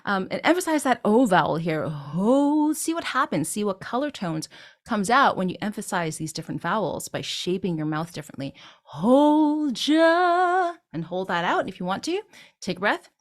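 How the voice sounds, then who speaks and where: A woman's voice: medium pitch, sing-song, fairly quick. Woman vocal coach with mid-range voice. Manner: explains patiently, ends points with "right?"; breaks into short sung demonstrations. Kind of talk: singing tutorial.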